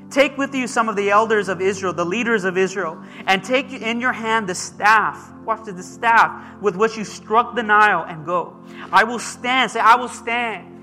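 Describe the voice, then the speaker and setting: A man preaching a sermon as pastor, emphatic and animated, calling out to his congregation. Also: high voice. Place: church sanctuary. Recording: long hall reverb with faint music.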